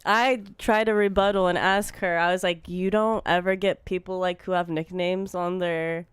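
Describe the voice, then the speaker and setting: A woman's voice: on the low side, steady tone, moderate pace, clear, resonant tone, no echo. A young woman co-hosting a casual podcast, telling a story in a chatty way and laughing often. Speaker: podcast co-host. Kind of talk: casual chat.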